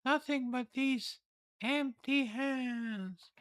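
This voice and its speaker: A woman's voice: high voice, fairly even intonation, a little slow, a bit bright, no room sound, pitched above the performer's own voice. A man voicing a frail, timid young girl who speaks in a trembling voice.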